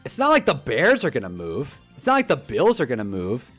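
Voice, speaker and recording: Animated young man, lively pitch. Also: soft background music. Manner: animated, rambling, quick to joke. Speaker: football livestream host. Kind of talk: casual livestream chat reacting to chat.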